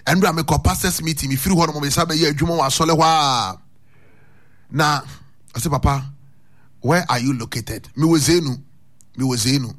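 A man's voice: on the high side, brisk, long pauses, a bit bright. A man preaching a radio sermon, switching between languages and chanting lines for his listeners to repeat. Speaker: radio pastor. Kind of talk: radio sermon with call and response.

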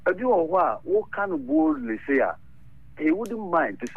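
A man calling in to a radio show, giving animated advice and switching between his local language and English. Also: sits high, moderate pace, vocal fry, slight background noise. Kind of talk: radio call-in talk. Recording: lo-fi radio broadcast.

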